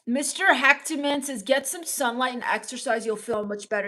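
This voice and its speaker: A young woman streaming in character, deadpan and sulky, sarcastically complaining while reading chat comments aloud. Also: sits high, moderate pace, hardly any pauses. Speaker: comedic livestreamer reading chat. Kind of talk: in-character comedy livestream.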